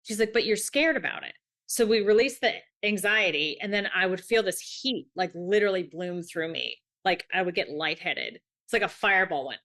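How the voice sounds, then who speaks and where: A woman co-hosting a podcast in casual chat, animated and acting out little quoted voices as she tells stories. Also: medium pitch, normal speed. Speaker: podcast co-host.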